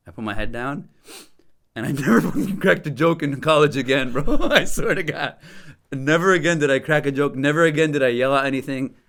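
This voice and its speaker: A young man from Michigan casually telling a story as a podcast guest, animated and slangy, laughing and swearing as he goes. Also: fairly high pitch, a little fast. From Dearborn, Michigan.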